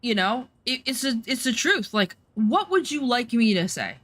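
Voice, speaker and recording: A woman's voice: a little high, moderate pace. A woman streamer chatting casually while playing, telling a story bluntly and swearing freely, acting out what people said. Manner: animated storytelling, acts out quotes.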